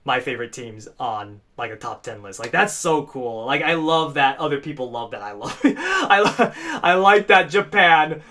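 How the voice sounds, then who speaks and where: A young man in casual, rambling fan commentary, gushing with frequent animated outbursts. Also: on the high side, normal speed. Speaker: fan channel co-host.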